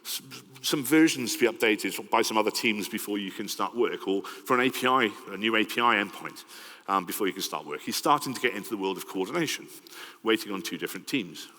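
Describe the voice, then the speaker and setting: Welsh guy talking tech at a conference, lowish voice, big hall echo, chatty and lively. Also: brisk. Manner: lively, conversational, asks "right?" often. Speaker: conference speaker. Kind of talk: conference talk. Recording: long hall reverb.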